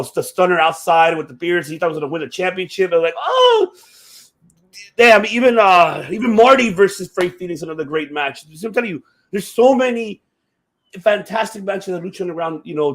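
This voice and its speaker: A man hosting a casual chat show, talking excitably with lots of swearing and restarts. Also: fairly high pitch, fast talker. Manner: excitable, profane, rambling with many restarts. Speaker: podcast host. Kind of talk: casual chat about wrestling.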